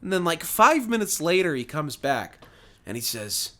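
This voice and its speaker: A man's voice: fairly high pitch, normal speed. A young man co-hosting a podcast, telling an anecdote in casual chat and acting out the people he quotes. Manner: animated anecdote teller, acts out quoted people. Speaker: podcast co-host.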